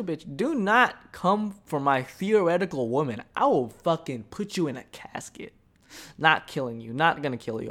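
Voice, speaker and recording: This young man hosts a podcast in a fairly high voice, wandering through casual talk full of swearing. His delivery shifts between hushed admissions and loud, excited outbursts.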